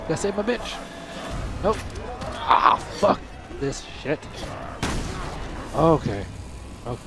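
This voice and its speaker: A young man giving casual commentary while playing a video game, excitable and cursing, often shouting at the game. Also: fairly high pitch, slow pace, over music. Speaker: gamer.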